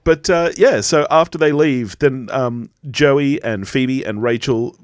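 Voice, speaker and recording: A man's voice: medium pitch, a little slow, dry recording, studio quality. An Australian man co-hosting a podcast, rambling through a casual sitcom recap, laughing often and swearing freely. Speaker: podcast co-host.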